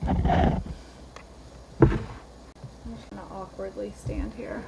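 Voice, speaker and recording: A woman's voice: a little high, unhurried, noisy background. A woman hosting a live cooking stream, chatty and rambling, greeting viewers by name from her home kitchen. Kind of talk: casual live-stream chat.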